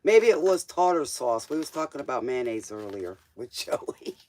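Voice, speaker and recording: A man's voice: mid-range voice, big pitch swings, normal speed, darkish tone, slight background noise. A man doing a live-stream tarot reading, casual and joking, talking straight to the viewer in loose, slangy speech. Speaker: tarot reader.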